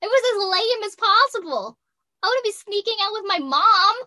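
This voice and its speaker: A woman's voice: very high-pitched, expressive, moderate pace, pushed and bright, no echo. A woman in her twenties, a voice actress guest, chatting casually and giggling often, with a youthful-sounding voice. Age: 20s. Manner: giggly, laughs often while talking. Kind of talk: casual interview chat.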